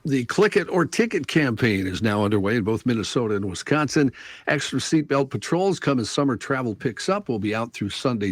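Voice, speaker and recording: Husky male news reader, measured radio delivery, dry booth. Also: on the low side, no echo. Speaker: news reader on talk show. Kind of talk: reading news items on air.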